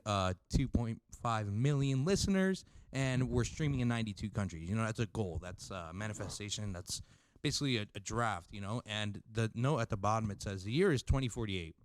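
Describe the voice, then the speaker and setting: A man's voice: on the low side, smooth, no echo. A man hosting a podcast, chatting in a laid-back way and swearing casually. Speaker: podcast host. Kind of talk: casual chat.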